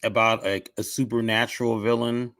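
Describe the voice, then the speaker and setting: A man's voice: mid-range voice, level tone, moderate pace, a bit bright, dry recording. A man chatting casually on a podcast, opinionated and restarting often, with a cough drop in his mouth. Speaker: podcast guest. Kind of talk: casual chat.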